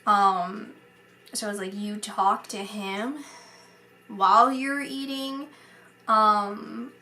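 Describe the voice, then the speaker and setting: A woman's voice: mid-range voice, fairly even intonation, extremely slow, bright, forceful tone. A woman psychic medium giving a casual spoken reading, rambling and hesitant with many fillers.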